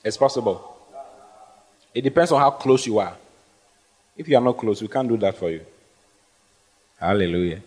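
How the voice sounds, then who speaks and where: A man's voice: lowish voice, expressive, normal speed, long pauses, darkish tone. A man preaching as pastor, emphatic and call-and-response, often asking the congregation to answer. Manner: emphatic, rising to stressed phrases, asks the congregation questions. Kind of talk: sermon with audience questions.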